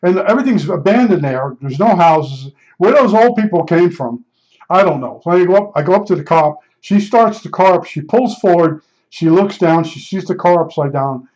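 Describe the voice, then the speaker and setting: Older man, slightly higher voice, rambling blunt storyteller, dull lo-fi sound. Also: lively intonation, moderate pace, a little mellow. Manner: rambling, repeats himself, blunt and emphatic. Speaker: podcast storyteller. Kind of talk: casual spoken storytelling.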